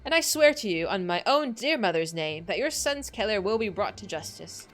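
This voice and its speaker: A woman's voice: mid-range voice, big pitch swings, normal speed, soft background music, close to an everyday voice. A woman doing a doom-wailing old woman. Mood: grieving. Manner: theatrical, wailing, archaic storytelling. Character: grieving old woman, dramatic and doom-crying.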